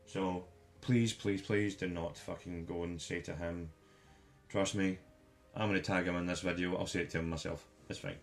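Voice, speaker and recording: Man, low-pitched, angry, sweary, insulting, soft music underneath. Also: fairly even intonation, moderate pace. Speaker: commentary vlogger. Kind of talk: profane rant commentary.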